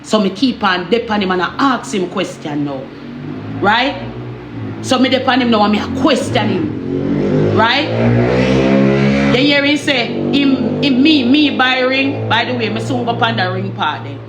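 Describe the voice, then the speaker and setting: A Jamaican woman telling a story in casual patois, animated and repetitive, often asking the listener if they understand. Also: fairly high pitch, a little slow, roomy sound, over loud music. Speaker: storyteller vlogger.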